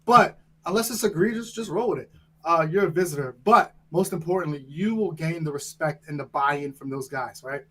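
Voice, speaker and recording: A man's voice: a little high, moderate pace, sharp tone, poor audio. A man who trains firefighters, talking in a casual podcast interview in a direct, emphatic way, often checking in with "right?". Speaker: fire training instructor, guest.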